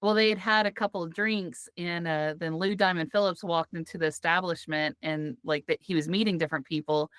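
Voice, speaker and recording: A woman co-hosting a relaxed podcast who tells anecdotes in an easy, chatty way and laughs as she goes. Her voice sits a little low for a woman, and the sound is dry and close-miked with no room. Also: brisk, few pauses, smooth, no echo. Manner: chatty storyteller, laughs often. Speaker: podcast host. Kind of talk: casual podcast chat.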